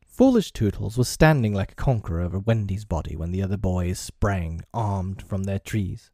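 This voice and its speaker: A man reading a children's classic aloud as narrator, with gentle, expressive storytelling. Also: low-pitched, normal speed, dry recording, studio quality. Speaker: audiobook reader.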